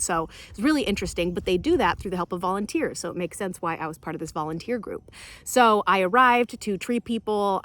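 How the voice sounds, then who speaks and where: A young adult woman vlogging in a casual, chatty way, often laughing, recorded on a handheld camera outdoors and in her car. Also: lowish voice. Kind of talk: casual vlog chat.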